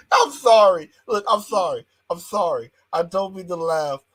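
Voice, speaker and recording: A man from the US West Coast co-hosting a wrestling podcast, excitable and profane, breaking into laughter. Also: high voice, unhurried, breathy edge. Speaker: podcast co-host. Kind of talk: casual chat about wrestling.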